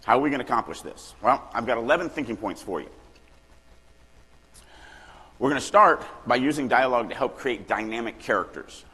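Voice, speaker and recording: A middle-aged man from Louisiana giving a lively, joking lecture on writing at a conference, acting out little examples as he goes. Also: mid-range voice, fairly quick, pauses often, slightly rough. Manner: animated, joking, acts out examples. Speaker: writing workshop speaker. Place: large conference hall. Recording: long hall reverb.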